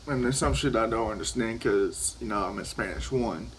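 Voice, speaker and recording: A man's voice: lowish voice, normal speed, slight background noise, poor audio. A teenage boy telling a story in a casual vlog, rambling and profane, often restarting his sentences. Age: teens. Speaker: vlogger. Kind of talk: casual storytelling while vaping.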